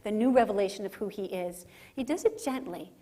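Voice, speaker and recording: A woman speaker giving a faith lecture at a conference center, animated and acting out scenes, often checking in with "right?". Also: medium pitch, a little fast, slightly rough.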